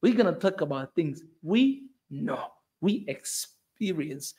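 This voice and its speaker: Tanzanian-accented man, high voice, impassioned car vlog on rough roads, sweaty, repetitive, fired up. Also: expressive, takes it slowly, a little mellow. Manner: emphatic, repetitive, rising to anger. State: sweating on a bumpy ride. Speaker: vlogger. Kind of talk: passionate commentary vlog. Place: moving car on a bumpy road.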